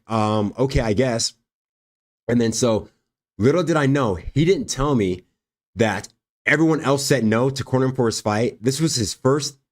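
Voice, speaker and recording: A young man hosting a livestream, casually telling a story and acting out the dialogue with frequent laughs. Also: medium pitch. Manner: animated, acts out quoted dialogue, laughs often. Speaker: livestream host and fighter.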